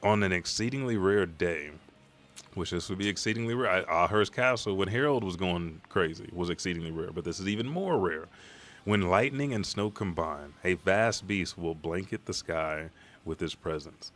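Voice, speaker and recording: A man hosting a live comic reaction stream, talking in a rambling, profane, excitable way. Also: deep voice, moderate pace.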